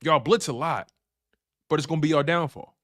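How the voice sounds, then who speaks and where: A man's voice: fairly high pitch, brisk, a bit bright. A man hosting a fan sports talk stream, hyped and repetitive, trash-talking the rival team. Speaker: sports show host. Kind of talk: animated sports talk livestream.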